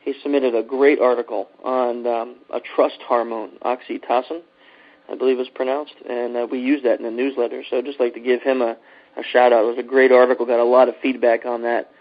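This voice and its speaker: A man's voice: medium pitch, flat delivery, brisk, dull audio. A man hosting a podcast in casual chat, loose and joking, with many fillers. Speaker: podcast host.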